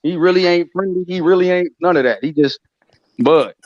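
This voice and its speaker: A man's voice: sits high, brisk, dry recording. A man co-hosting a casual boxing chat, telling stories and acting out other people's lines. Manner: animated storyteller, quoting others in voices. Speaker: boxing podcast co-host. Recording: dull lo-fi audio.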